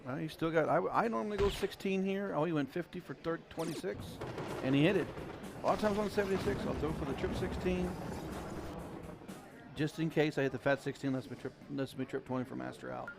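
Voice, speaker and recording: A man with an Ozark accent calling a darts match live, folksy, chatty and excitable. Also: fairly high pitch, brisk, gravelly, music in the background. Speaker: darts commentator. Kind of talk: live play-by-play commentary. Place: darts venue. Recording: crowd chatter behind.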